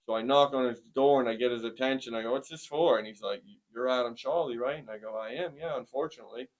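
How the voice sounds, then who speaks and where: A man's voice: mid-range voice, muffled recording. Earnest man telling a hard personal story. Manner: earnest, plainspoken, many "um" pauses. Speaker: interviewee sharing a testimony. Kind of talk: personal testimony in conversation.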